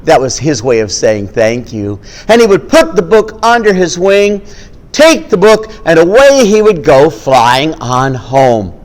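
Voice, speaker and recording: Male storyteller, slow and lively, family tale with animal noises, long echo. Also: a little high. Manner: animated, acts out animal sounds.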